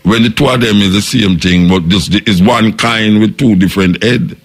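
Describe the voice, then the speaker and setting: A Jamaican man with a gravelly, husky voice holds forth as a radio host. He preaches his point and keeps throwing out rhetorical questions, now and then acting out what other people would say. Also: fairly low pitch, normal speed. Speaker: radio talk show host. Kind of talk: reasoning monologue on radio.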